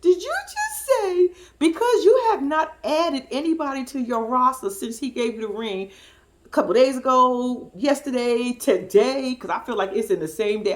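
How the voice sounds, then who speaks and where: A woman hosting a casual recap commentary, talking in an animated, profane way and laughing often. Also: fairly high pitch. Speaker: host.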